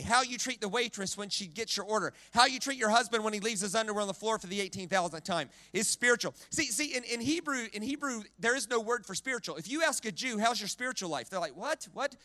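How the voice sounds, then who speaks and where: A man's voice: high voice, quick pace, few pauses, no echo. A man preaching a sermon, who leads the crowd in repeating words and often restarts his phrases. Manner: animated, leads the crowd in call-and-response repetition. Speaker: guest preacher.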